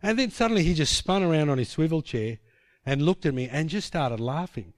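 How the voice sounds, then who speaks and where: A man's voice: fairly high pitch, animated, brisk, dry recording, clean studio sound. A man preaching a sermon, telling a personal story in vivid scenes, often restarting his sentences.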